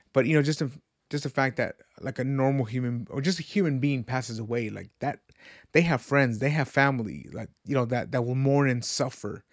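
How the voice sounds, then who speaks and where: A man's voice: medium pitch, no echo, studio quality. A man in his thirties hosting a podcast, talking in an earnest, rambling way about faith and life, repeating words as he searches for them. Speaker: podcast host. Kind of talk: casual reflective faith talk.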